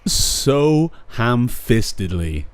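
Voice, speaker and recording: A man's voice: medium pitch, big pitch swings, very slow. A young man co-hosting a podcast, talking casually and ranting bluntly with plenty of swearing. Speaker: podcast co-host. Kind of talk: casual chat.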